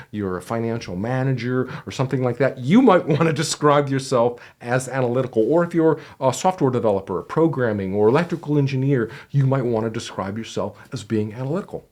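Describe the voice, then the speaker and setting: A man's voice: mid-range voice, darkish tone. A man giving job interview advice as a career coach, talking conversationally and emphatically to the camera. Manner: conversational, emphatic, with frequent fillers. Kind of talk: direct-to-camera advice video.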